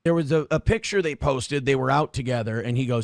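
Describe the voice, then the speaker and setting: A man's voice: medium pitch, a little fast, creaky, no echo, clean studio sound. A man co-hosting a podcast, talking in a blunt, scornful, profane way. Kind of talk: casual podcast commentary.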